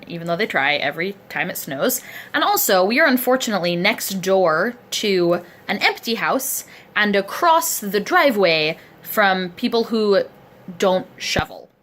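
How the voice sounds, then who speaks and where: A woman's voice: mid-range voice, a bit bright. A woman recording a casual video diary close to the camera, chatty and rambling, sore and aching as she sits propped up in a chair. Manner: chatty, rambling, self-deprecating. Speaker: vlogger. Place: indoors at a friend's home, seated in a chair. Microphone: camera close to the face.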